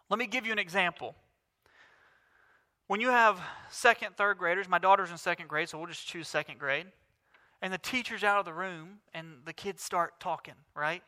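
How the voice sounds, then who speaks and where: A man's voice: high voice, pushed and bright. A male pastor in his thirties preaching a sermon with emphatic, rising declarations. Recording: reverberant hall.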